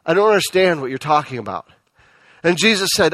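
A man's voice: fairly high pitch, animated, fairly quick, a bit bright. A man, perhaps in his thirties, preaching a sermon as a pastor, often stumbling and repeating words as he goes.

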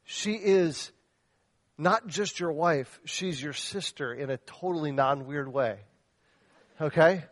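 A man preaching a sermon as pastor, passionate and direct, shifting between loud exhortation and soft, earnest asides as he questions the men in the congregation. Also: fairly high pitch, slow, no room sound.

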